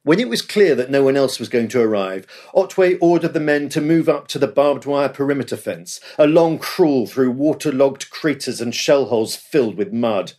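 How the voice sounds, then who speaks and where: A man's voice: mid-range voice, lively intonation, normal speed, hardly any pauses, a little mellow. A man reading scripted history narration with a dramatic storytelling delivery. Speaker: podcast host.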